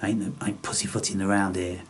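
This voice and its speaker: A man's voice: sits low, flat delivery, fast, slight background noise. Blunt, swearing man ranting to viewers. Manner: blunt, swears constantly, scornful. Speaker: spiritual video channel host.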